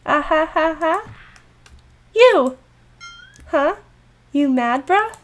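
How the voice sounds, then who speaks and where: A woman voicing a mocking male AI warden villain in a horror visual novel, speaking slowly and cackling. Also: high voice, lively intonation, fairly bright tone, pitched above the performer's own voice, full character voice. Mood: taunting. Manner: slow, taunting, cackling.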